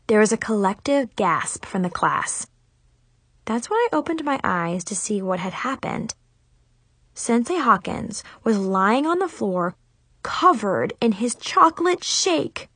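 A woman reading a first-person children's story aloud, lively and playful. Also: a little high, measured pace, dry recording. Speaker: narrator.

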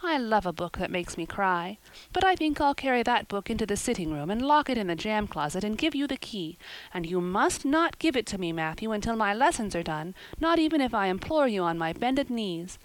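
A woman's voice: mid-range voice, big pitch swings, a little fast, no room sound, close to an everyday voice, rough recording. A woman voicing a chatty, imaginative young girl in a story reading, talking eagerly in long run-on sentences. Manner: eager, run-on, wordy talk.

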